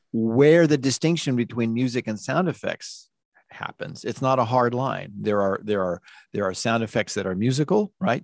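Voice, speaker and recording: This middle-aged man, lowish-voiced with vocal fry, chats about his music and sound design work in an interview. His storytelling is loose and meandering, with many fillers and restarts, and the sound is clean studio audio without room sound.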